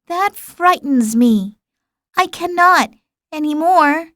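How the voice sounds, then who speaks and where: A woman's voice: high-pitched, lively intonation, slow pace, no room sound, studio quality, voice pushed up, heavily acted. A woman voicing a timid little boy prince. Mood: abashed. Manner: timid, soft and pleading. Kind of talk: audiobook character reading.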